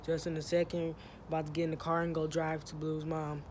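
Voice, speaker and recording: A playful vlogger jokes straight into a handheld phone camera, heavy on slang and teasing. The voice sits at an ordinary middle pitch. It is recorded outside in the sun, with clear outdoor noise running underneath. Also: completely flat delivery, fairly quick, darkish tone. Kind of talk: casual vlog talking to camera. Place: outdoors in sun, near a truck.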